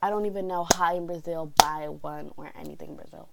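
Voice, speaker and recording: A young woman from Canada telling a story in a casual vlog, rambling and chatty, jumping into animated quoted lines. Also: sits low, a little fast, creaky, very noisy. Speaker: vlogger.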